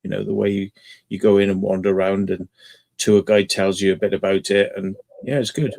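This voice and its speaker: A man's voice: on the low side, level tone, brisk, creaky, a little mellow. Chatty man, rambling storyteller. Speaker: channel host. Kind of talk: casual chat.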